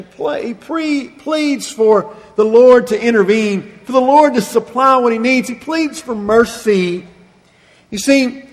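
Man, pastor, high-pitched voice, earnest sermon, emphatic slow phrasing, long hall reverb. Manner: earnest preaching, slows for emphasis.

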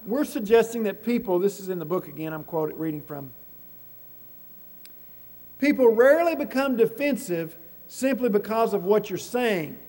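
A man preaching a sermon, laying out numbered points and asking rhetorical questions, his loudness rising and falling. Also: high-pitched, lively intonation, normal speed, big-room sound, rough recording.

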